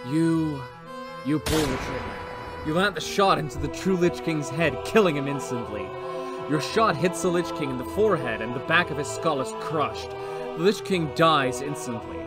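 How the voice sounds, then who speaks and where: A man streaming himself reading an AI text adventure aloud, with animated comic asides. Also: a little high. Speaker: streamer reading an AI story game.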